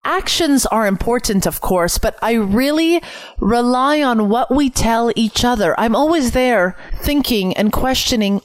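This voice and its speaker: Brief: young Canadian woman, solo podcast host, earnest and reflective, slightly high voice, dry close sound, soft music under. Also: animated, a little slow, no echo. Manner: earnest, reflective, repeats phrases for emphasis. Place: home room, window open.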